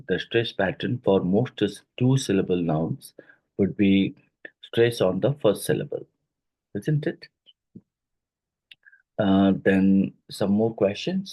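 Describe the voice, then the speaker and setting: Indian english guy teaching exam questions, deep husky voice, slow and full of uhs. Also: warm tone, poor audio. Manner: unhurried, explains step by step with many fillers. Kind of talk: exam question review lesson.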